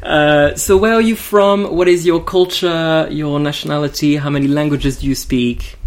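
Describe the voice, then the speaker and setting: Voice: mid-range voice, moderate pace. A podcast host from France, who speaks natively, leads a playful interview and jokingly roasts the guest. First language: French. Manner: playful, mock-roasting, lively.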